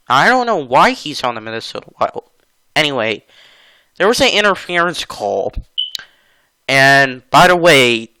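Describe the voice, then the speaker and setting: Casual gaming host, male, bright and crisp voice, slow, laid-back delivery, chatty with frequent laughs. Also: fairly high pitch, no room sound, poor audio. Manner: chatty, laughs often, gets exasperated. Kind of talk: casual gameplay commentary.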